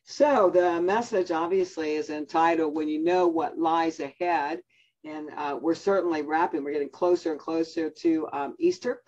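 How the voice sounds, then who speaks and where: Woman preacher, husky, chatty, dull call audio. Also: low-pitched, normal speed, a little mellow. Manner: chatty, teasing, laughs often. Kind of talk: sermon on a conference call. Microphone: video call.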